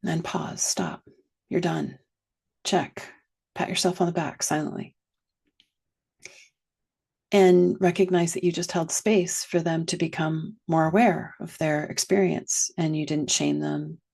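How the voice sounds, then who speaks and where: A woman teaching a guided reflective lesson, slow and gentle, sometimes dropping to a soft whisper. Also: deep voice, fairly even intonation, vocal fry, breathy edge. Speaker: wellness teacher.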